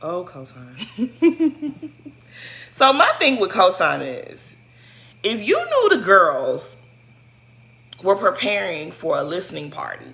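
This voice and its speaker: A woman giving a casual, sassy recap of a reality show, scolding a cast member in animated slang. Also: medium pitch, slow pace, long pauses. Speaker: show commentator.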